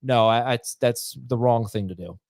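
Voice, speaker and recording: A man hosting a casual podcast chat, reading listener emails aloud and talking in quick, halting bursts. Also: mid-range voice, darkish tone, no echo, studio quality.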